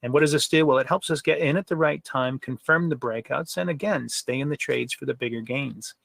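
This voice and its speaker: A man presenting trading software in a conversational webinar, with frequent fillers and rhetorical questions. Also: medium pitch, brisk, creaky, no echo.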